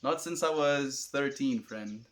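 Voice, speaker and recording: A young man with a South African accent talks to his livestream viewers in a calm, unhurried voice. His pitch sits in the middle range for a man, and he answers each chat message easily, warmly calling people friend. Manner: calm, laid-back, calls viewers friend.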